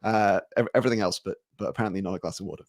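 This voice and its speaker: A man's voice: lowish voice, rapid-fire, no room sound. A British man speaking as a webinar guest over a video call, dry and understated, with many small fillers. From Britain. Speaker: guest, company founder. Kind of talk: casual webinar chat.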